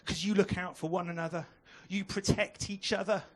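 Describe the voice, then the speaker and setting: A young comic works a club crowd during his stand-up set, talking to them through a handheld mic and firing off quick asides. His voice sits high, and his intonation stays fairly even.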